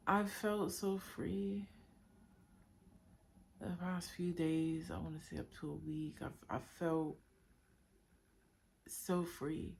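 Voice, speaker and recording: A spiritual vlogger delivers a heartfelt, unscripted monologue about her inner journey, emotional and halting as she searches for words. Her voice is low-pitched with vocal fry and fairly even intonation.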